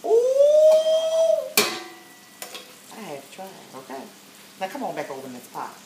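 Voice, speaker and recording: A home cook vlogger with a low, lively voice talks fast while demonstrating a dish in her kitchen, tagging sentences with "okay?" and "you guys." The roomy recording is very noisy, with a pan sizzling faintly in the background.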